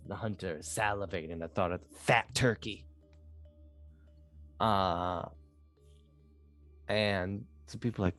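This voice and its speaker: A game master narrating a tabletop role-playing game with animated storytelling and frequent laughs. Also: low voice, measured pace, pauses often, faint music behind.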